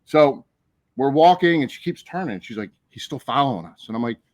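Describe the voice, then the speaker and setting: A man telling a story in casual chat on a podcast, animated and profane, acting out the people in it. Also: medium pitch, fairly quick, dry recording. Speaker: podcast co-host.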